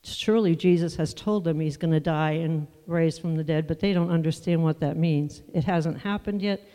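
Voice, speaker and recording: A preacher giving a sermon, teaching from the Bible in a conversational, unhurried way with asides to the listeners. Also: mid-range voice, mellow, clean tone, big-room sound.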